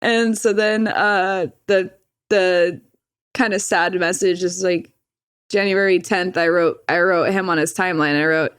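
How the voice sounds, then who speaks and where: A woman's voice: on the low side, steady tone, a little slow, smooth, no room sound, studio quality. A young woman, a podcast guest, telling a personal story in casual talk, swearing freely and laughing often.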